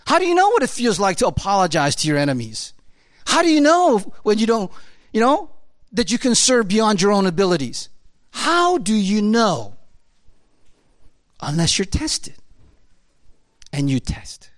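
A pastor preaching a sermon in a conversational, emphatic way, with rapid rhetorical questions and repeated key phrases. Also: medium pitch, big pitch swings, no echo.

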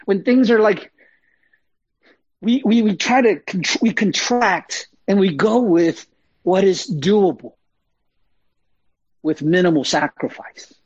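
A man preaches in a loose, conversational way, with fillers, asides and emphatic repeats. His voice sits a little high and sounds husky. The recording is dry and somewhat dull. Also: no room sound. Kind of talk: sermon.

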